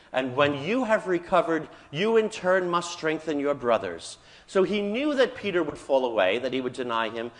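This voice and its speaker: A man preaching a sermon as a priest, telling the story vividly and raising his voice for the quoted lines. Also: a little high. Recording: church hall reverb.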